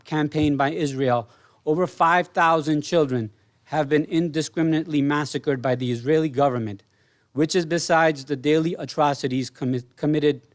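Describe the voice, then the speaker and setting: A man's voice: a little high, no room sound, studio quality. A man reading a grave, impassioned prepared statement at a village board meeting. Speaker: resident speaking at public comment. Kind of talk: prepared public comment read aloud.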